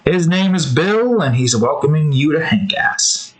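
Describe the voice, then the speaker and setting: A digital artist hosts a drawing video on his channel, rambling casually through loose, meandering stories in a slangy way with lots of self-corrections. His voice is on the high side and expressive, at a measured pace, and the audio is poor.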